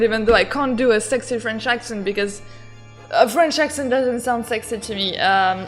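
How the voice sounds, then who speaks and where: A young woman commenting excitedly while playing a game, gushing and laughing often. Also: a little high, normal speed, faint music behind. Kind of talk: excitable let's-play commentary.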